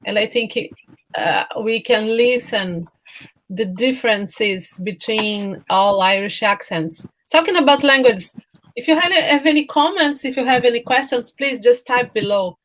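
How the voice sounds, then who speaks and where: A woman's voice: on the high side, expressive, unhurried. A woman hosting an online talk, introducing a clip and inviting questions in a casual way. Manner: friendly, casual announcing. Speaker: host.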